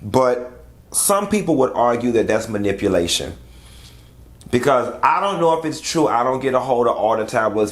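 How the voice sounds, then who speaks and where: Chatty man reviewing a reality show. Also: fairly low pitch. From United States. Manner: chatty and candid, speaks straight to viewers. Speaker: YouTube commentator. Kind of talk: casual reaction commentary.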